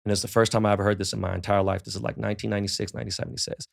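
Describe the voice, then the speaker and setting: Gravelly guy on a podcast, swearing a lot, acting out what people said, low voice, real laid back. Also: little pitch movement, rapid-fire. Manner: profane, laid-back storyteller who acts out quoted dialogue. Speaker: guest. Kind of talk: casual storytelling in a podcast interview.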